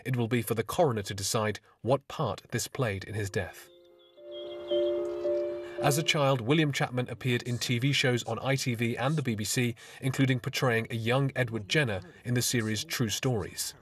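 A man reporting for a news bulletin in a steady, formal delivery. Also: medium pitch, moderate pace, recorded from a distance, soft background music.

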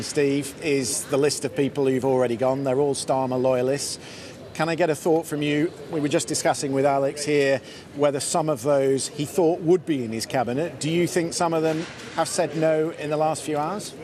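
A male news presenter on a live broadcast, asking questions briskly in a conversational way and describing the day's events from a city street. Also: a little high, darkish tone. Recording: outdoor broadcast with crowd noise. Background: crowd chatter and passing traffic.

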